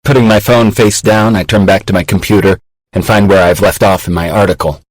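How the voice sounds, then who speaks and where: A man narrates an audiobook in a low voice, measured and reflective. The close studio mic keeps the sound dry, with no echo. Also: fairly even intonation. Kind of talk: scripted narration.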